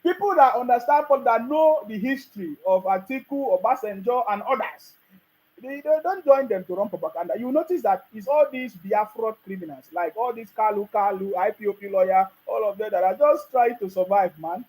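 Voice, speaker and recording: Brief: Nigerian man, very high voice, scolding political commentary, laughs often. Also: a little fast, a little mellow, poor audio. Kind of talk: ranting monologue.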